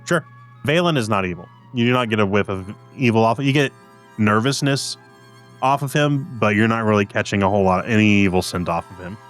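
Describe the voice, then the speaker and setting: A low-voiced man runs a tabletop game, tipsy and loose, narrating scenes and answering players. Faint music plays beneath him. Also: lively intonation, fairly quick, a bit bright. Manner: casual, laughing, loose. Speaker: game master.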